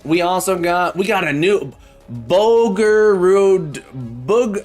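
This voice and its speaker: A man's voice: high-pitched, expressive, slow. A man hosting a livestream, chatting casually and cheerfully greeting viewers by name, sometimes drawing out names in a sing-song way. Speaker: livestream host. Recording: soft background music. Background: background music.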